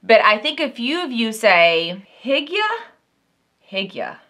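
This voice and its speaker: A young woman from southern Texas with a warm drawl talks straight to her viewers about a box she's opening. Her voice sits a little high and stays bright and crisp. She keeps it chatty and excitable, sprinkling in plenty of y'alls. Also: unhurried. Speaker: vlogger, unboxing host. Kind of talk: casual unboxing chat to camera.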